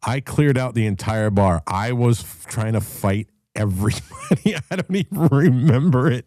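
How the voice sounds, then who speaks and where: A man's voice: medium pitch, lively intonation, normal speed, few pauses, darkish tone, no room sound, studio quality. A man hosting a casual call-in chat, telling stories in a blunt, profane way. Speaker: show host.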